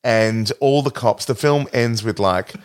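Man, casual film chat, rambling, animated storyteller, middle pitch. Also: a little slow, smooth. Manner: animated, rambling retelling of a plot.

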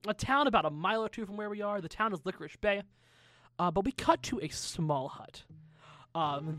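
A woman narrating a tabletop game as game master, talking in a lively way and laughing often. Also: medium pitch.

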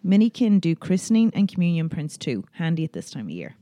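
Chatty Irish woman, low mellow voice. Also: sing-song, fairly quick, no echo. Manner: chatty, laughs while telling stories. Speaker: podcast co-host. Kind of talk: casual chat.

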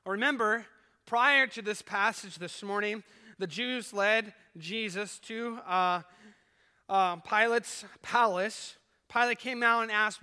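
High, bright-voiced preaching pastor. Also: male voice, takes it slowly, clear, resonant tone. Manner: earnest preaching that rises and falls in volume. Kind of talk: sermon. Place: church sanctuary. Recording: echoey church hall.

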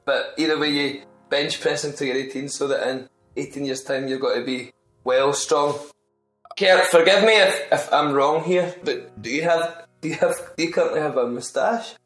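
A man's voice: fairly high pitch, normal speed, fairly bright tone. A man, co-hosting a podcast in casual chat, teasing his friend with joking questions. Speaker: podcast co-host. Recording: roomy echo with faint music.

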